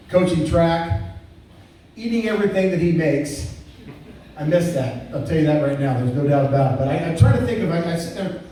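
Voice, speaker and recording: A man's voice: fairly high pitch, mellow. A middle-aged man giving a casual retirement roast speech, rambling through stories with stumbling restarts and chuckles. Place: indoor party venue. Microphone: phone camera far from the speaker. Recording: echoey, distant, faint room noise.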